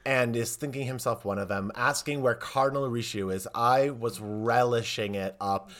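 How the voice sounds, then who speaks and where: A man's voice: medium pitch, fairly even intonation, normal speed, fairly bright tone. A man co-hosting a podcast in casual chat, enthusiastically recapping an episode and swearing freely. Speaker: podcast co-host.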